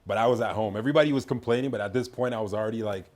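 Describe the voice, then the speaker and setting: Low-voiced man telling a rambling story. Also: rapid-fire, darkish tone. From Canada. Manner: rambling storyteller with many restarts. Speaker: podcast guest. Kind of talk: casual podcast chat.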